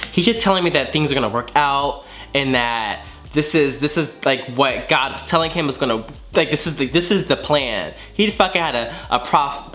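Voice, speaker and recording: A man's voice: fairly high pitch, fairly bright tone. A man in his twenties telling a dramatic storytime to his viewers, profane and theatrical. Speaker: vlogger. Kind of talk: casual storytime.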